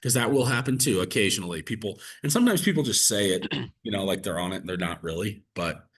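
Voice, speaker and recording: A man coaching real estate agents through cold-call script practice, casual and energetic, peppering his talk with "like" and "right?". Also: on the low side, fast talker, slightly rough. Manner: energetic, conversational, fillers like "like" and "right?". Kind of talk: coaching session with role-play practice.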